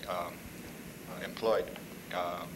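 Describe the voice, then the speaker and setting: A man in the audience speaks haltingly, searching for his words. His voice is very deep and flat. He is picked up from a distance, with clear room noise around him. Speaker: audience member. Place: university lecture room.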